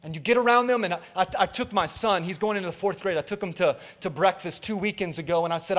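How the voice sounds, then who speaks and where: A man's voice: high-pitched, fast, few pauses, a bit bright, big-room sound. A man preaching a sermon as pastor, emphatic, with call-and-response asides and acted-out quotes. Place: church auditorium.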